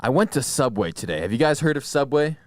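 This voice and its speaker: A man's voice: medium pitch, big pitch swings, fast, no room sound, studio quality. A male podcast host telling a rambling, profane comic story and laughing at his own jokes. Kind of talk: casual comedic storytelling. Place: podcast studio.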